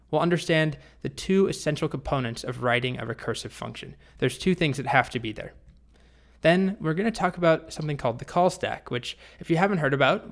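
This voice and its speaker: A man teaching a programming lesson, telling a story in a relaxed, conversational way with small restarts. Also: fairly high pitch. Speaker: programming instructor. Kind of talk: recorded course lesson with a story.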